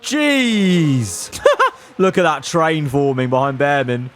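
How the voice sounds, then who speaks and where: A man commentating his own racing management game, cheering on his drivers and swinging between calm analysis and elated outbursts. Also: mid-range voice, moderate pace, soft background music. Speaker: gaming YouTuber.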